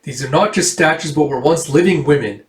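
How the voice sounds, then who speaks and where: A man's voice: fairly high pitch, fairly quick, natural voice. A man doing a gloating villainous baron. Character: cruel aristocratic male baron villain, gloating. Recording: echoey room, far from mic.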